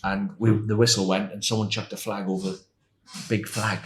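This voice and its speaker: Older man spinning lively football stories. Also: fairly low pitch, moderate pace. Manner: animated, laughs while telling stories. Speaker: podcast guest, former footballer. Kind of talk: anecdotal storytelling.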